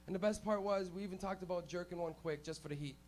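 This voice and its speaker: A man with a high voice works a club stage through a stage mic, hosting a stand-up night. He tells crude stories with lots of animation and breaks into loud shouted bits. He sounds like a comedian from Canada. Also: fast.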